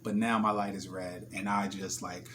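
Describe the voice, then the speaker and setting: A man with a New Jersey accent tells an animated, profane story in a casual vlog and acts out the scenes. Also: sits low, normal speed, a little hiss or hum. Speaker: vlogger.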